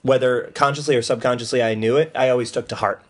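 A man's voice: mid-range voice, steady tone, quick pace. A man chatting as a podcast guest, playful and joking, hesitating with ums. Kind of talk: casual chat.

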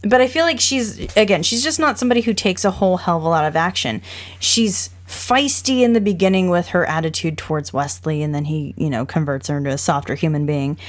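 A woman co-hosting a casual podcast about a film, talking in an animated way with quick asides and frequent laughter. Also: on the low side. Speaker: podcast co-host.

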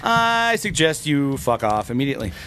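A young adult man co-hosting a casual podcast, crude and joking, very animated. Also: mid-range voice, moderate pace, slight background noise. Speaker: podcast co-host.

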